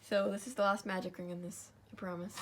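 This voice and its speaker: A woman's voice: mid-range voice, flat delivery, brisk, a bit bright, a little hiss or hum. A young woman hosting a step-by-step craft tutorial, tired and yawning, apologizing as she talks through each stitch.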